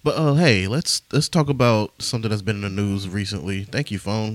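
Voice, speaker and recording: A man's voice: lowish voice, animated, takes it slowly, pauses often, no room sound. Rambling, profane young male podcast host. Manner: rambling, profane, laughs at himself. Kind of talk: casual podcast monologue.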